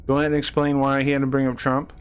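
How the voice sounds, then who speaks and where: A man's voice: mid-range voice, monotone, racing, clear, resonant tone, soft background music. A man streaming live, ranting angrily at people in his chat, swearing and repeating himself. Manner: angry, profane, repeats himself, rising to shouts.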